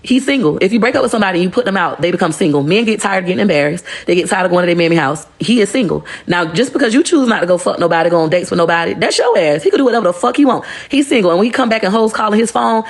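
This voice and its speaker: Blunt, profane woman with a gravelly voice. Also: mid-range voice, very fast, hardly any pauses. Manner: blunt, profane, animated storytelling. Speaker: livestreamer. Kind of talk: casual livestream monologue.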